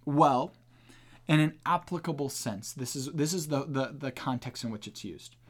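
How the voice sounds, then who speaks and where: An earnest man hosts a podcast and teaches in a casual way. His voice is mid-pitched, and he leans hard on key words as he explains. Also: animated, normal speed. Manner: earnest, emphatic, with restarts. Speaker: podcast host teaching the Bible.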